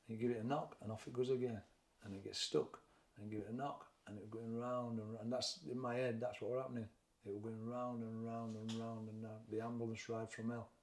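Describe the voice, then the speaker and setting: Speaking fairly quickly in a mid-range voice with little pitch movement, a middle-aged Sheffield man with a Yorkshire accent recounts his life as a boxing trainer and former fighter. In an echoey room he's interviewed, and he talks plainly, frankly and reflectively.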